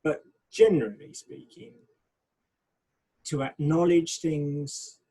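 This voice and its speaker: A man with a slightly high, husky voice, speaking as a pastor in a relaxed discussion. He is thoughtful and frank, and grows animated when he mimics the people he meets. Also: slow, low-quality recording. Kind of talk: casual discussion.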